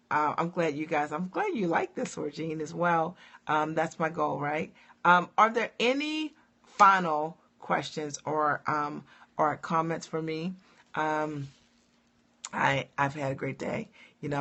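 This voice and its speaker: Chatty woman coach with gravelly voice. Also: on the low side, fairly bright tone. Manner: upbeat, chatty, many fillers and asides. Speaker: coach hosting a live stream. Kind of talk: casual live-stream chat with viewers.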